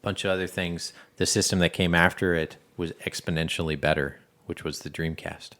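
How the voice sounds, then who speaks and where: Guy with a really low voice rambling on his podcast, lots of restarts. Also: fairly even intonation, brisk, pushed and bright. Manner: rambling and chatty, with frequent restarts. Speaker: podcast co-host. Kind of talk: casual chat.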